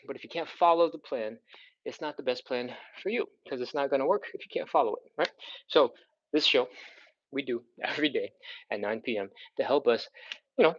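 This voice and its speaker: A man's voice: medium pitch, highs cut off. A man leading a live stretching workout, counting reps and encouraging viewers while out of breath.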